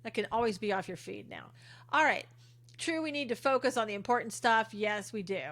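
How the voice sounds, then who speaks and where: A woman's voice: fairly high pitch, animated, a little fast, fairly bright tone. Sarcastic chatty woman livestreaming. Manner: sarcastic, chatty, laughs often. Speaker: livestream host reading viewer comments. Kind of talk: casual sarcastic livestream chat.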